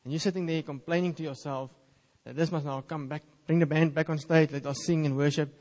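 A man's voice: on the high side, fairly even intonation, brisk, darkish tone, big-room sound. A man, an Afrikaans speaker, preaching a sermon in an earnest, conversational way and reading scripture aloud.

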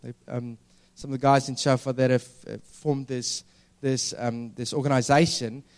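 A man preaching a sermon, earnest and drawing out key words slowly for emphasis. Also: medium pitch, little pitch movement, a little mellow, clear, resonant tone. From South Africa.

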